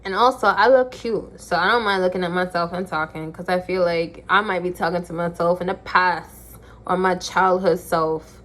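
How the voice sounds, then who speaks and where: A woman's voice: on the low side, steady tone, normal speed, a bit bright. A young woman speaking to her phone camera in an emphatic, preachy way. She repeats her points for effect. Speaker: vlogger. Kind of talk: casual talk to camera.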